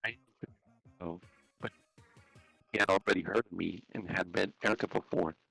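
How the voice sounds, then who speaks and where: A man narrating a fan story aloud on a live stream, unhurried, with small slips and restarts. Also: sits low, steady tone, vocal fry, fairly bright tone, no echo, faint music behind, poor audio.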